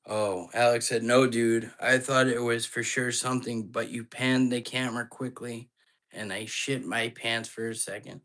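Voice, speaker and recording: A man's voice: medium pitch, flat delivery, moderate pace, fairly bright tone. A man hosting a live ghost-hunting stream from an apartment at night, chatting casually and jumpily straight to his viewers. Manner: chatty, jumpy, talks straight to his chat.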